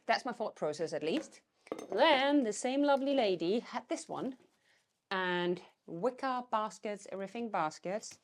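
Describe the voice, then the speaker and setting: A woman vlogging about reselling vintage decor, chatting casually and thinking aloud as she goes. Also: on the low side. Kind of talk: casual vlog chat.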